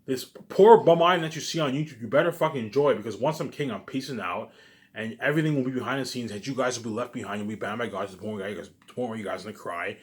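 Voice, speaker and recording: Fast, agitated ranting man. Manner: agitated, profane, repetitive, with many restarts; swings between loud outbursts and low muttering. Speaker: YouTube vlogger. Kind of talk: ranting monologue to camera.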